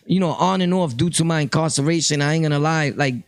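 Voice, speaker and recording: A man's voice: fairly high pitch, fast, no room sound, clean studio sound. A man from Brooklyn, talking casually to his viewers in a rambling, streetwise opinion vlog full of fillers. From Brooklyn, New York. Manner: streetwise, direct, addresses viewers. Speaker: vlogger, channel host.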